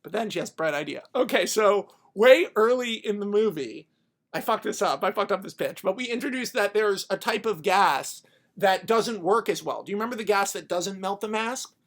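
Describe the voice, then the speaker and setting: A podcast host pitching a story idea in a comedic, rambling way, profane and animated. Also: normal speed.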